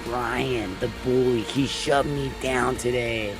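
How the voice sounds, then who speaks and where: A frightened young boy begs and explains himself, as a man reads his part. The delivery is slow and gravelly. Faint music plays in the background. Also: medium pitch, steady tone. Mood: pleading.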